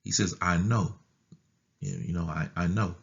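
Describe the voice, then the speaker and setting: Slow, gravelly deep-voiced pastor. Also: male voice, muffled recording. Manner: deliberate, repeating phrases and restarting words. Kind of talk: Bible study teaching.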